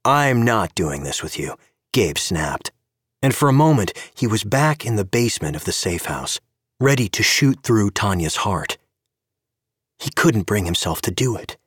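A man giving an expressive scripted narration of an audio story. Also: fairly low pitch, normal speed, breathy edge, no echo, clean studio sound.

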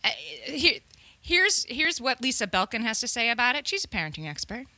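Woman co-host. Crisp, bright voice, close dry mic, easygoing explainer. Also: fairly high pitch, very animated, a little fast, no room sound. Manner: chatty, laughing easily, explaining with restarts. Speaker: podcast co-host. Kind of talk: casual chat.

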